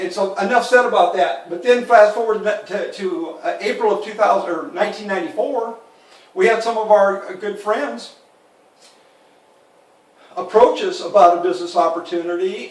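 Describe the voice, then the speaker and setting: A man in his fifties giving an earnest, candid network marketing training talk and addressing listeners as guys. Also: high-pitched. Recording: echoey room, mic at a distance.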